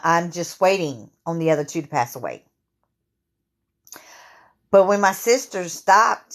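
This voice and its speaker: Woman in her fifties, sore throat, unhurried speech, halting vlog storytelling. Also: lowish voice. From Louisiana. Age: 50s. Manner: halting, with many fillers and restarts. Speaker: vlogger. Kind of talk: candid storytelling to camera.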